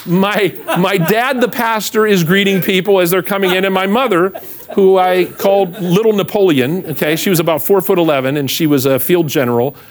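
A middle-aged man preaching as a pastor, telling a funny story about himself. His voice sits a little high for a man and swings widely as he acts out the people in the tale. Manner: animated, self-mocking storyteller acting out voices. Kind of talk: storytelling sermon.

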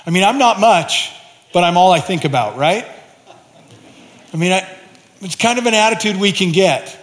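A pastor telling personal stories in a sermon, acting out the quoted dialogue himself. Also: male voice, animated, moderate pace, fairly bright tone. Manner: storytelling, acts out quoted dialogue with rising pitch. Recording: reverberant hall.

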